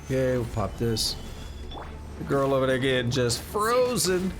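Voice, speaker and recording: A man's voice: medium pitch, big pitch swings, unhurried, music in the background. A man streaming a video game live, chatting in a loose, jokey way as he plays. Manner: jokey and offhand. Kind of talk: casual gameplay commentary.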